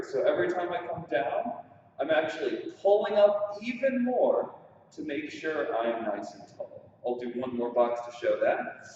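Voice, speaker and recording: Dancing as he counts out the beats, a dance instructor guides viewers through waltz drills and encourages them. His voice is on the high side, animated and darkish, at normal speed. The studio with large windows echoes, the mic is distant, and the dull sound carries a little hiss or hum.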